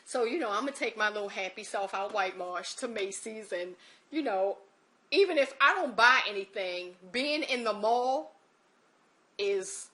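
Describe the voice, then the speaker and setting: A woman telling a personal story in a lively, emotional way, acting out the quotes. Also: medium pitch. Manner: animated, emotional retelling with acted-out quotes.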